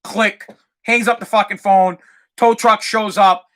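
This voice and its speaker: A podcast host tells a story in a casual, rambling way, swearing freely. His voice sits high for a man. It has a bright, forceful edge. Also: a little slow. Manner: profane, animated, rambling.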